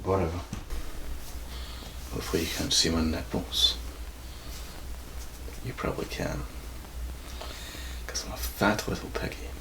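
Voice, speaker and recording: A Scottish YouTuber with a croaky voice, casually flubbing takes and swearing at his own mistakes. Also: low-pitched, fairly even intonation, unhurried, pauses often, noisy background. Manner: swears freely at his own flubs, self-mocking.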